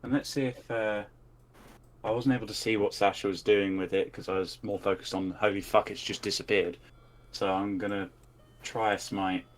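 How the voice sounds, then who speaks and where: A man's voice: lowish voice, fairly even intonation, moderate pace. A man playing a tabletop game, thinking aloud and muttering as he rolls dice. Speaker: player.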